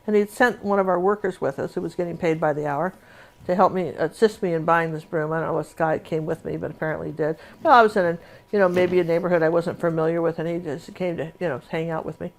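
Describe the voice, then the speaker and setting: A woman's voice: fairly low pitch, steady tone, quick pace. Chatty woman painting instructor, talks through her demo with rambling asides.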